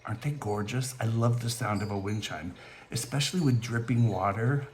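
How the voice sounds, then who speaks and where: A man with a lowish voice speaks at a normal pace over slight background noise. He hosts a beading channel and rambles warmly from his California home in a casual vlog intro, full of fillers, his voice quivering with emotion. A fountain and wind chimes can be heard nearby.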